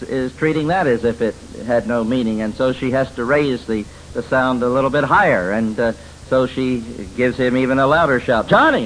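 A man's voice: medium pitch, fairly bright tone, slight background noise, rough recording. A man teaching about biblical counseling in an emphatic, folksy way, with many fillers and stories. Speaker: Christian counselor lecturing. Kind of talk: teaching lecture.

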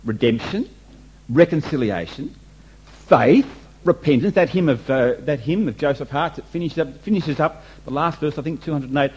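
A man's voice: fairly high pitch, expressive, normal speed, a little mellow, husky, poor audio. A man preaching a sermon, emphatic and repetitive, asking the congregation rhetorical questions. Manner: emphatic, repeats and restates points, rhetorical questions.

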